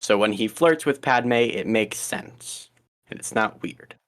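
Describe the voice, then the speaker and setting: A man's voice: on the low side, a little slow, fairly bright tone. Rambling young man on a podcast. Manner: rambling, lots of ums and restarts. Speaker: podcast co-host. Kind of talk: casual chat.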